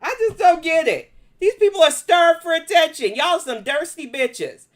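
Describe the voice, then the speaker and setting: A woman's voice: very high-pitched, expressive, normal speed. A woman with a New York accent hosting a live commentary stream, blunt, profane and confrontational as she answers her chat. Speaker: commentary livestream host.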